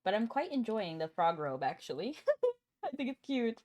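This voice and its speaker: A woman's voice: mid-range voice, very animated, moderate pace, a little mellow. A woman live-streaming a game, chatting casually and answering her chat, with a cough now and then.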